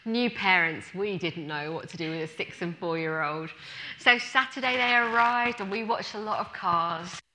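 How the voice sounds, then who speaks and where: A woman preacher giving a sermon, telling a funny story with animated, self-mocking delivery. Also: fairly low pitch, moderate pace, slight background noise. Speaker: guest speaker.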